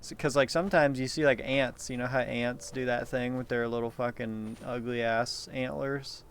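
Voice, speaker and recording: A man in a loose, rambling monologue, his voice sitting in a gravelly fry. He wanders off topic, swears freely and keeps breaking off to start again. A faint hiss runs behind him. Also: mid-range voice, steady tone, moderate pace. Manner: meandering, profane, frequent laughter and self-interruptions.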